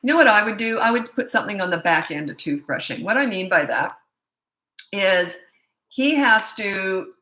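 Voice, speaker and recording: A woman's voice: medium pitch, bright, forceful tone. Blunt chatty woman parenting coach. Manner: blunt, chatty, storytelling with asides. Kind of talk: casual Q&A answering viewer questions. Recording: echoey room.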